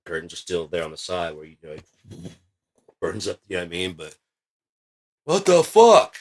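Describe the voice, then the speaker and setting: A man vlogging in a casual, rambling monologue, swearing often and getting excited as he pitches his ideas. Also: a little fast. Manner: rambling, profane, excitable storytelling.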